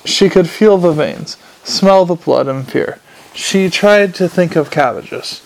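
A man narrating a novel aloud in a steady reading voice, with small slips and restarts. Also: high voice, slow, creaky. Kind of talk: amateur audiobook reading.

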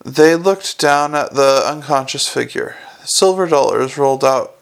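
A man narrating a comic fantasy novel in a dry, measured way. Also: medium pitch, gravelly, clean tone. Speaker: audiobook narrator. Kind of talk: scripted narration.

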